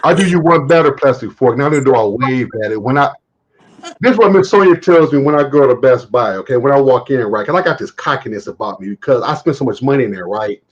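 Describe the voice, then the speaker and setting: A man hosting a live stream, telling stories in a casual, animated way and acting out quotes, with some swearing. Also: medium pitch, fast talker, breathy edge, dull audio.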